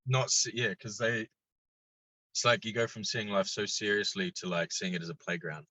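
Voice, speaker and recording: Laid-back, foul-mouthed man, bright voice. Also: lowish voice, normal speed, no room sound, poor audio. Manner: laid-back, swears freely, lively when telling stories. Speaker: podcast guest. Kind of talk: casual chat.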